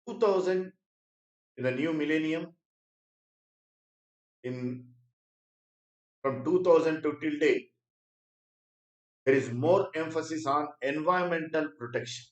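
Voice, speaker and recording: A man's voice: a little high, a little slow, long pauses, recorded from a distance. Echoey man lecturing, repeats key phrases. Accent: Indian English. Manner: clears throat often. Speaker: exam prep teacher. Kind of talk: spoken lecture.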